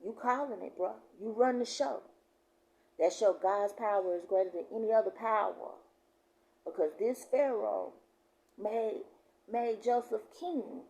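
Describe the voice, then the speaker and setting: A woman reading scripture slowly and with emphasis, then adding loose, conversational commentary. She often clears her throat. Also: medium pitch, mellow, rough recording. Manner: reads verses slowly and emphatically, then talks in loose asides. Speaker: prophetess.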